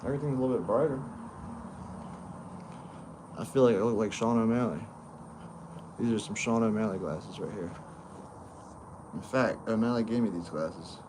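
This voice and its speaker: A man's voice: lowish voice, moderate pace, pauses often, background noise. A man hosting a casual livestream chat with a friend, talking in a loose, rambling way and laughing easily. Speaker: host.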